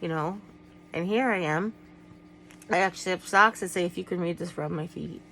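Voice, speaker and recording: Speaking candidly to her audience, this middle-aged vlogger rambles, trails off, and restarts, growing tearful at moments. Her slightly low, gravelly voice sounds a bit bright and keeps a moderate pace. It's a low-quality recording with a faint hum running beneath.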